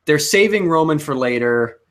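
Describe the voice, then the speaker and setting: A man's voice: on the high side, lively intonation, moderate pace, a bit bright. A young man co-hosting a casual chat, rambling and hesitant, often restarting his sentences. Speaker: co-host.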